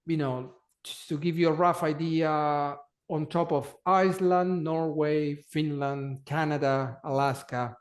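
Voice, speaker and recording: A man who speaks as an answers interview questions, his voice sitting fairly high. He talks slowly and haltingly, often repeating words as he searches for the next phrase. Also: fairly even intonation. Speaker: polar travel company guest.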